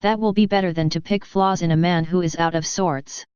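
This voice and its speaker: An earnest young ox driver from an old storybook, troubled and pleading, read by a woman. The voice is low and very smooth. The sound is dry and a little muffled. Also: steady tone, fairly quick, darkish tone, dry recording, close to an everyday voice.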